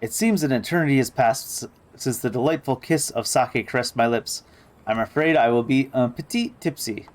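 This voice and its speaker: A man's voice: mid-range voice, normal speed, close to an everyday voice. A man doing a pompous, theatrical diva. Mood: grandiose. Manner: odd inverted word order with stray French words. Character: eccentric grand woman singer, theatrical and pompous.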